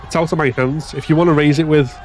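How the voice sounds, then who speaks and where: A man's voice: on the high side, fairly even intonation, fast, darkish tone, voice pushed up, lightly acted. A man voicing a defensive site foreman who snarls and insists, raising his voice above a crowd.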